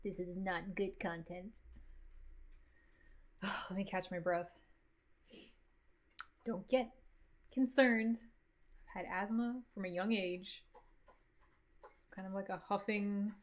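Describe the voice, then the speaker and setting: A woman's voice: medium pitch, takes it slowly, long pauses, poor audio. A woman streamer chatting casually while cooking in her home kitchen. She swears bluntly and gives her dog clipped commands.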